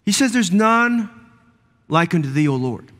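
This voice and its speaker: A male pastor delivers a sermon in a high, bright, forceful voice. He preaches with emphatic, climbing cadences, repeating phrases for weight. The sound carries the long reverb of a church sanctuary. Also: sing-song, unhurried.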